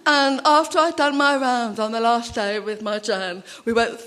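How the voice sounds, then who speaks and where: A woman speaking at a conference, telling personal anecdotes in a chatty, animated way with many asides. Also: fairly high pitch, normal speed.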